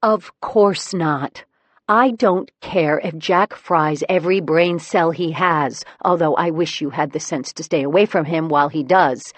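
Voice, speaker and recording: A woman's voice: low voice, measured pace, no room sound. A woman playing a defiant young adult daughter. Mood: indignant. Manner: sulky, indignant retorts.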